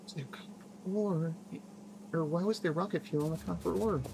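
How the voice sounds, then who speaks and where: A VTuber streamer giving live gameplay commentary, excitable and swearing while talking to themselves. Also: medium pitch, fairly quick, vocal fry, background noise. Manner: excitable, swears, talks to self while playing.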